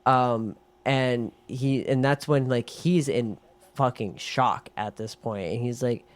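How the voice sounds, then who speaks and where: A man co-hosting a podcast tells a film's story in a loose, casual way. He keeps it animated, swearing often and acting out the lines of the characters as he goes. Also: medium pitch, slow. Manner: animated retelling with swearing and acted quotes. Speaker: podcast co-host. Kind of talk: casual chat recapping a film.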